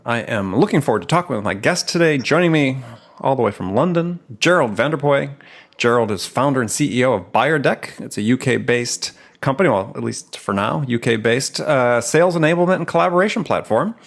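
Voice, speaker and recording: A man's voice: medium pitch, animated, a little fast, vocal fry, loud music behind the voice. A man hosting a podcast interview, chatty and teasing. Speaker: podcast host. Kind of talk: casual interview chat.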